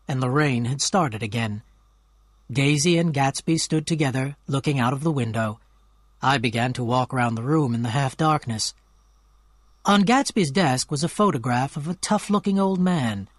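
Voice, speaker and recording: Man reading a story for learners, clear and measured, mid voice, dry close mic. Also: mid-range voice, no room sound. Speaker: narrator. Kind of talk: scripted storybook narration for learners.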